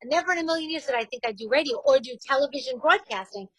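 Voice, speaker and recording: A New York radio host in her forties shares her story in a casual interview, candid and laughing easily. Her voice is high with lively intonation, with no room sound but poor audio.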